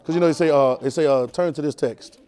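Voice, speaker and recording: A man's voice: fairly high pitch, quick pace, dark tone, faint music behind. A man preacher teaching a Bible class, repeating phrases and pulling call-and-response answers from the room.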